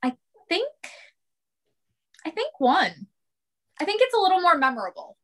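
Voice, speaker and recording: A woman's voice: very high-pitched, sing-song, normal speed, a bit bright. A woman guesting on a podcast in casual chat, talkative, with lots of "like" and frequent laughs. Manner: chatty, lots of "like", laughs often.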